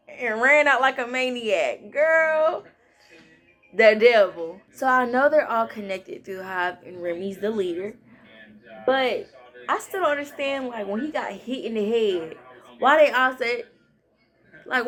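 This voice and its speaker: A young adult woman vlogger in a casual movie review chat, animated and slangy, often acting out lines she quotes. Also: on the high side.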